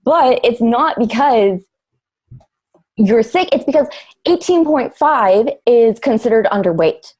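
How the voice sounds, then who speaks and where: A woman's voice: a little high, lively intonation, slow, a little mellow. A woman from Canada, a mental health advocate, speaking casually and with exasperation on a live round-table. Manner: casual, exasperated, many "like" fillers.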